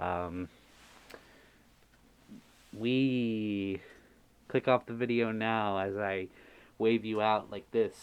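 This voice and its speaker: Male vlogger, smooth lowish voice, grateful and goofy sign-off. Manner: warm, grateful, playful and goofy. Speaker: video creator. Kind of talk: casual vlog sign-off.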